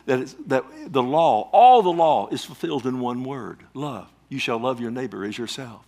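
Casting note: male pastor preaching, emphatic, call-and-response, loud bursts and hushed asides. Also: medium pitch, lively intonation, moderate pace, few pauses. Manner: emphatic, calls for responses, sudden loud swells and quiet drops. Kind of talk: sermon.

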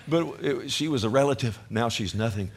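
Texan man, pastor preaching, gravelly voice, mid pitch, impassioned and then hushed. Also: normal speed, noisy background. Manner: impassioned, swings from loud urging to quiet storytelling. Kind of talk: sermon.

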